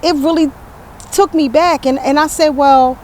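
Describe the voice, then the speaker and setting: An older woman hosting a podcast, telling a story with lively reenacted quotes and many restarts. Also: high voice, normal speed, slight background noise. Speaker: podcast host. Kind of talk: candid podcast conversation.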